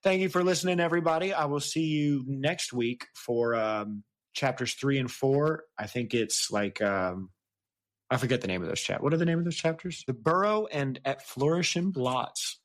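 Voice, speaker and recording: A man with a mid-range voice hosts a relaxed podcast. He talks casually, jokes often and laughs easily as he chats with his co-host. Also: medium pitch. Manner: joking, chatty, quick to laugh. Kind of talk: casual chat.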